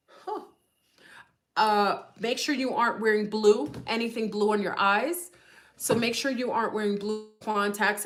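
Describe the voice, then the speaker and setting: A woman's voice: mid-range voice, fairly bright tone. Rambling woman hosting a livestream. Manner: rambling, musing aloud, speculative; often checks in with listeners. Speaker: livestream host. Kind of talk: casual livestream talk.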